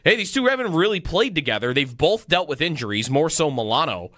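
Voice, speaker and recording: A man's voice: fairly high pitch, very animated, fairly quick, a bit bright, no room sound, studio quality. A man co-hosting a sports talk radio show, thinking aloud about football with frequent restarts.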